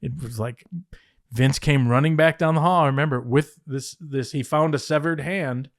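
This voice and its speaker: A man's voice: on the high side, normal speed, dry recording. Man, casual storytelling, acts out quotes, swears, laughs a lot, dry close sound. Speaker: former wrestling head writer telling stories.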